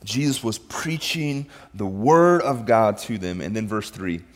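A man's voice: lowish voice, unhurried. Man preaching casually in a reverberant hall. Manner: casual and conversational, repeats words as he goes. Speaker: pastor. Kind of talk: sermon. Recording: long reverb of a large hall.

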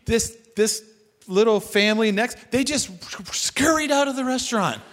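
A man telling a story in a sermon, animated and self-deprecating, acting out what people said. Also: very high-pitched, moderate pace. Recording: long hall reverb.

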